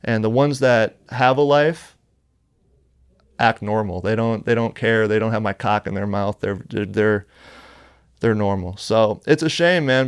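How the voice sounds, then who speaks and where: A man's voice: lowish voice, smooth, no echo, studio quality. A male rapper as a podcast guest, telling stories bluntly and with heavy profanity in casual conversation. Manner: blunt, heavily profane, heated. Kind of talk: casual interview storytelling. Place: podcast studio.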